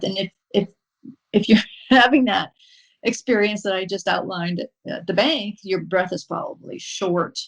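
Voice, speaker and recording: A woman guest on a podcast interview, calmly and patiently explaining a mindfulness practice step by step, pausing now and then with an um. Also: mid-range voice, gravelly, breathy edge, low-quality recording. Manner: calm, instructive, unhurried with frequent um pauses. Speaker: podcast guest, horse-assisted wellness coach.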